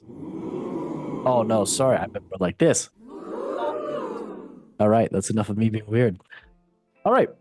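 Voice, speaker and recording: A man with a mellow, mid-range voice hosts a casual football podcast, recorded dry. He's goofy and playful, cracking jokes at his own expense.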